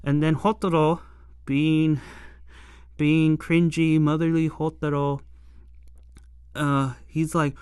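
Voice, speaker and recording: Casual episode recap, lots of fillers, exasperated asides, dry close sound, unhurried. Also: medium pitch, flat delivery, darkish tone, clean tone, no echo. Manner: rambling, many fillers, exasperated commentary. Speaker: anime and tokusatsu episode reviewer.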